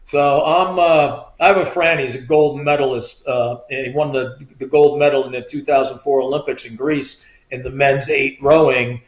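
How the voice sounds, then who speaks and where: A man's voice: medium pitch, moderate pace, hardly any pauses, roomy sound, low-quality recording. A man, a former state trooper, telling stories as a guest in a casual interview and acting out the voices of the people he quotes. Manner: animated storyteller who acts out quoted voices.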